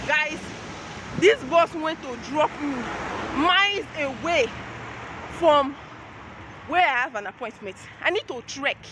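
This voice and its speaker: Her high voice is expressive but slow, with frequent pauses against a noisy background. The young woman, who has a Nigerian accent, walks city streets with a stroller while vlogging to her phone, exclaiming, rambling and restarting as she recounts annoyances.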